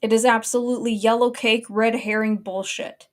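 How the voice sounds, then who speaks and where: A woman with a voice on the higher side runs her own commentary stream. She speaks casually and bluntly, and swears freely in a sustained annoyed rant. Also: steady tone, moderate pace. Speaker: online commentary host.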